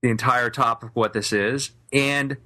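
A man's voice: mid-range voice, steady tone, normal speed, bright, forceful tone. A man hosting a podcast, chatting casually and playfully with his co-hosts. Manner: playful, theatrical intros. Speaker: podcast host. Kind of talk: casual comedic chat.

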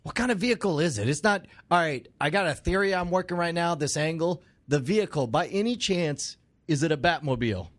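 A man's voice: a little high, expressive, fairly quick. A man doing comedic improv, rambling through theories with puns and riffs. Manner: rambling, riffing, wordplay. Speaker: improv player.

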